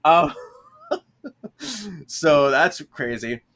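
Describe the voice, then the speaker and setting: Bright, animated man recapping a story. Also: on the high side, extremely slow. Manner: animated, laughing often, acts out characters' lines. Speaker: podcast co-host. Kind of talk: casual chat recapping a book.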